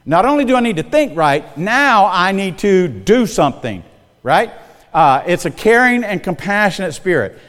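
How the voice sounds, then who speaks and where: Middle-aged male pastor, fairly high voice, folksy and conversational, preaching in a big hall with long reverb. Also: sing-song, normal speed, fairly bright tone. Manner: folksy, conversational, checks in with the congregation. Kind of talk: sermon.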